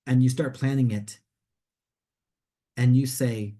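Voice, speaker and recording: A man's voice: mid-range voice, fairly even intonation, slow pace, long pauses, mellow. A man giving career advice to students in a conversational way, often restarting and repeating words as he explains. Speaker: career coach. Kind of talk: instructional talk to students.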